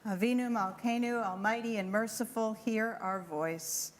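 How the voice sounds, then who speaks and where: A woman reading prayers in a synagogue service with a measured, steady delivery. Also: on the high side. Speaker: prayer reader. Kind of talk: responsive liturgical reading. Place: synagogue sanctuary. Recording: reverberant sanctuary recording with faint background noise.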